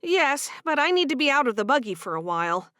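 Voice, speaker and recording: A woman's voice: high voice, big pitch swings, fairly quick, sharp tone, no echo, clean studio sound, pitched above the performer's own voice, full character voice. A woman voicing a sleepy, easygoing young Amish woman who teases her husband. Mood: cheerful.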